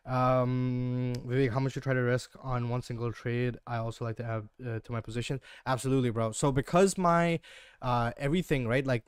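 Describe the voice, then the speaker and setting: A man's voice: medium pitch, clean tone, dry recording, clean studio sound. A young man from Northeast India with an Indian English accent, chatting casually and slangily as a livestream trading host. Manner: slangy, relaxed, keeps saying "bro".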